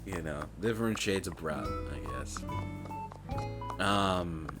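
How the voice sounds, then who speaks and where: Deep-voiced man chatting casually. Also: takes it slowly. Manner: rambling, profane, laughs often. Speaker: streamer. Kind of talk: casual chat while gaming. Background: music.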